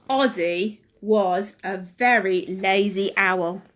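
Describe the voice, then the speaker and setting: A woman leading a children's session, reading a picture book aloud in an animated, sing-song way and asking the children questions. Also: medium pitch, takes it slowly, few pauses. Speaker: children's class leader. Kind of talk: reading a story to young children.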